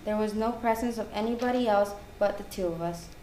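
A woman's voice: mid-range voice, a little fast, mellow. A woman reading her own ghost story aloud, earnest and careful, correcting herself now and then. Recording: echoey room with faint background noise.

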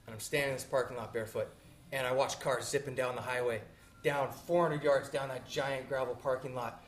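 A man in his fifties from Montana tells a personal story on stage, animated and swinging from bursts of energy to hushed low asides. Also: fairly quick.

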